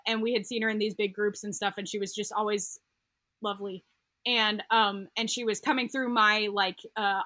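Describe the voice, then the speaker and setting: With a fairly high pitch and a sharp tone, this young woman's voice comes through with no echo. She's an occupational therapist guesting on a podcast, getting emotional as she shares a personal story in casual interview talk. Her speech rambles, full of fillers and restarts.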